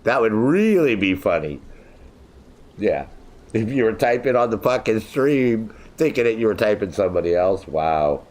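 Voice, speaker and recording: Male gamer-streamer, profane joker, lively up-and-down pitch, easy laughs. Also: moderate pace. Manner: profane, joking, laughs often while chatting with viewers. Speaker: game streamer. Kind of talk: casual livestream chat.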